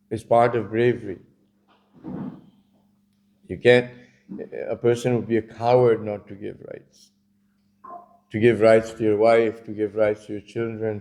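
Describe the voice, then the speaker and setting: A man's voice: fairly low pitch, darkish tone. A man delivering a conversational religious lecture, telling stories with many casual asides. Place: community centre lecture.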